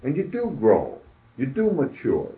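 A man's voice: medium pitch, huge pitch swings, unhurried. Older man preaching over tinny audio. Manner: conversational, emphatic, rhetorical questions. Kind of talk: sermon.

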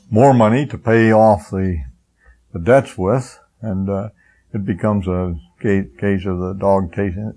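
Gravelly, husky older preacher. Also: male voice, deep voice, a little mellow, rough recording. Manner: folksy, rambling storyteller with chuckles. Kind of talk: sermon.

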